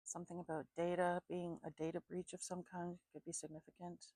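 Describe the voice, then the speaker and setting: A woman doing an intuitive psychic reading at home, calmly listing names and places she picks up, thinking aloud and a bit sleepy. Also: fairly low pitch, a little fast, no echo, low-quality recording. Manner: calm, repetitive, thinking aloud. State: sleepy, yawning. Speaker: psychic reader.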